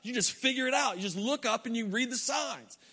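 A man with a high, bright, forceful voice preaches to his congregation, weaving a personal travel story into the message. He acts out his own reactions with humor. The sound carries the long reverb of a large hall. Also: a little fast, husky. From United States. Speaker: pastor.

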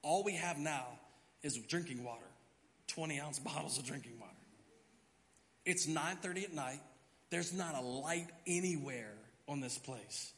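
Male pastor, middle-aged, animated sermon storytelling, bright forceful voice, long church reverb. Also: fairly high pitch, measured pace, a little hiss or hum. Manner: animated storyteller, acts out his own panicked thoughts. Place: church sanctuary.

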